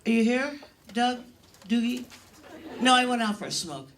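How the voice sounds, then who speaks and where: A woman's voice: fairly high pitch, normal speed. Brash older woman doing bawdy stand-up. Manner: brash, bawdy, self-mocking storytelling. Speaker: stand-up comedian. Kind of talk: stand-up comedy routine. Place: comedy club stage.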